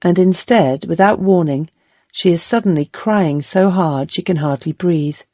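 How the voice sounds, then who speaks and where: A woman narrating a historical novel as an audiobook in a calm, measured storytelling manner. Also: fairly low pitch, dry recording.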